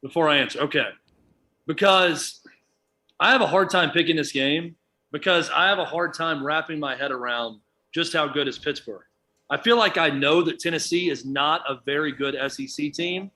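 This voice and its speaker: Male radio guest, sharp and bright tone, fairly high voice, weighs his picks out loud. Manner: thoughtful, reasons things through aloud. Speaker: guest sports commentator. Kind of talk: sports talk radio.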